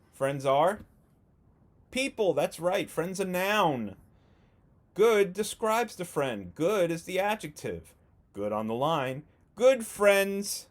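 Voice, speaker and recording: Patient male first grade teacher. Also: fairly high pitch. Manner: slow, patient, encouraging, stretches out words. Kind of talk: remote video lesson for young children.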